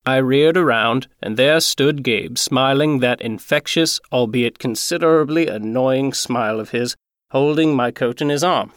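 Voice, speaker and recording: Man reading a christmas story, steady and earnest, dry close sound. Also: mid-range voice, unhurried, dry recording.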